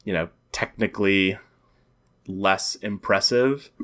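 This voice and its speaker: A man co-hosting a podcast, talking casually in halting phrases with many fillers. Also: deep voice, steady tone, a bit bright. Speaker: podcast co-host. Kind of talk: casual chat about comics.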